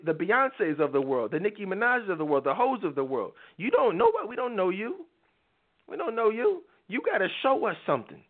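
A man hosting a live talk show, lecturing his listeners in an emphatic, preachy monologue and acting out quoted lines in other voices. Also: sits high. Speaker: show host. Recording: tinny phone-like audio.

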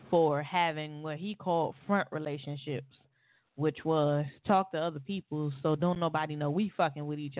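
A woman's voice: low voice, dry recording. Blunt woman telling her story over a phone line. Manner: blunt and profane, wry laughs. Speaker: panel guest on an online talk show. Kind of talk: candid personal storytelling. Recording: tinny phone-line audio.

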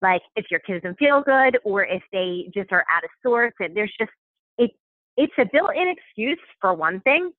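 A woman's voice: medium pitch, big pitch swings, normal speed, no room sound. A woman chatting casually as a podcast guest, rambling with many fillers and restarts. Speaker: podcast guest, stay-at-home mom. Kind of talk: casual chat. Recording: dry tinny phone-like sound.

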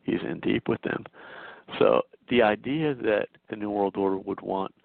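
A man's voice: lowish voice, moderate pace, gravelly, dry recording. A male host giving an insistent political commentary monologue, full of stammering restarts. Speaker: talk show host. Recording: dry tinny phone-like sound.

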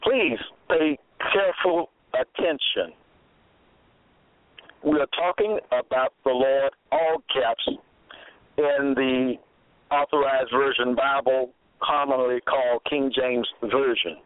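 A radio Bible program host delivers a slow, deliberate lecture, speaking emphatically and repeating phrases. His mid-range voice comes through dry, tinny, phone-like audio.

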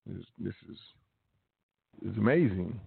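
A man's voice: on the low side, animated, measured pace, gravelly, breathy edge. A man hosting a podcast, mixing read-out news with emphatic casual commentary and slang, talking straight to his listeners. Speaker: podcast host. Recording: dry, phone-like narrow sound with faint music.

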